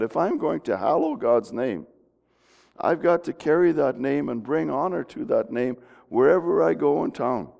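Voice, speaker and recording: In a church sanctuary full of long reverb, a middle-aged pastor gives a folksy, chatty sermon, often beginning sentences again. He talks at a moderate pace in a higher-pitched, creaky, somewhat mellow voice with lively intonation.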